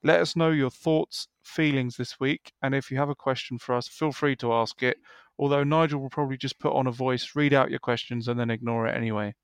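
A man's voice: mid-range voice, steady tone, a little fast, few pauses, smooth, dry recording. A man hosting a podcast in casual chat, steering the show to the next segment and laughing along with his co-host.

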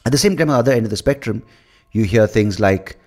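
A man's voice: lowish voice, fast, darkish tone. A man hosting a casual solo podcast, leaning close to the mic, rambling with many fillers and swearing freely. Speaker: podcast host.

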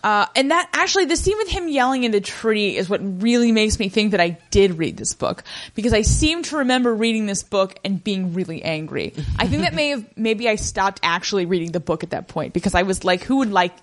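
A woman's voice: mid-range voice, animated, fairly quick. A woman co-hosting a podcast in casual chat, wry and sarcastic as she talks over a book and its film. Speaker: podcast co-host.

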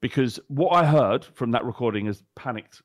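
A man's voice: medium pitch, expressive, normal speed, dry recording, clean studio sound. A man co-hosting a football podcast, ranting bluntly and heatedly with plenty of swearing. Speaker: podcast co-host. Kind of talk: casual chat.

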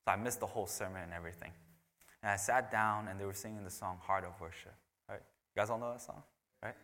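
A man's voice: lowish voice, fast. Preaching man in a reverberant hall. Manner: shifts between loud emphatic preaching and hushed whispers. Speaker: pastor. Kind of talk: sermon.

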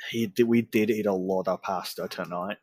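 A man's voice: low-pitched, steady tone, normal speed, darkish tone, husky, no echo. A man co-hosting a casual podcast, tired and self-deprecating. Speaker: podcast co-host. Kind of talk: casual chat.

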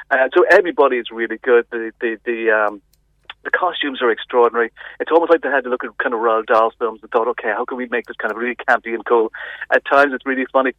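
Fast chatty man reviewing a film over a tinny phone line. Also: medium pitch, no echo. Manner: chatty, animated, many restarts. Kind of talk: casual radio film review.

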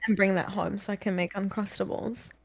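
A woman's voice: medium pitch, fairly even intonation, fairly quick, gravelly. A young woman from New Zealand with a New Zealand accent, chatting casually and playfully as a guest on a podcast. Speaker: guest streamer.

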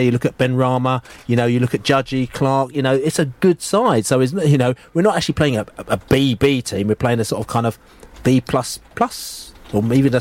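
A man's voice: medium pitch, darkish tone. A man co-hosting a casual football radio chat, rambling and filling his talk with "you know". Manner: rambling, repeats "you know what I'm saying". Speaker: podcast co-host. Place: radio studio.

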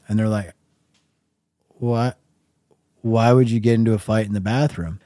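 A middle-aged man casually telling a long story on his own podcast, wry and laid-back, dropping to a low mumble when he quotes himself. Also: fairly even intonation, moderate pace, pauses often, warm tone, no echo, studio quality. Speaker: podcast host.

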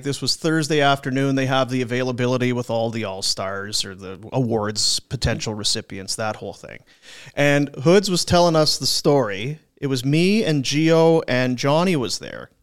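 A man with a clean, mid-range voice hosts a sports podcast at normal speed. He shares locker-room stories in casual conversation, acting out the quotes.

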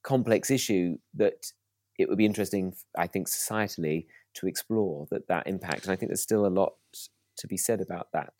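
A man's voice: low-pitched, fairly quick, a little mellow. A British man, an author and comedian, guesting on a podcast and talking in a thoughtful, self-deprecating, hesitant way.

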